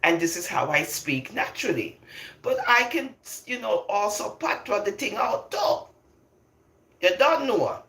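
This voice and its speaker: A woman's voice: medium pitch, a little slow. Emphatic older woman, roomy echo. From London, England. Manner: emphatic, animated, laughs often between points. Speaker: vlogger. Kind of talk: opinionated casual monologue.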